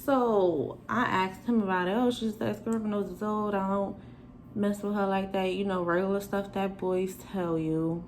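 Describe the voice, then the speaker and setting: Young woman, sassy storytime vlogger, animated retelling, faint background hum. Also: mid-range voice, normal speed, poor audio. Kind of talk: storytime chat.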